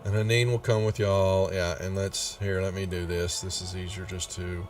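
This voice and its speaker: A man's voice: deep voice, level tone, moderate pace. A man running a tabletop game, folksy and drawling, chuckling often. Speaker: game master. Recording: a bit far from the mic, faint music behind.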